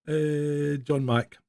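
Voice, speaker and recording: A man's voice: on the high side, vocal fry, a little mellow. A man co-hosting a live stream, telling stories animatedly with swearing and laughter. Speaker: co-host. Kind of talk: casual live-stream chat.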